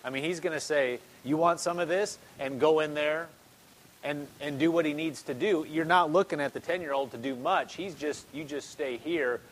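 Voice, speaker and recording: A man's voice: fairly high pitch, normal speed, slight background noise, low-quality recording. A man preaching a sermon in a conversational way, repeating phrases and building in intensity.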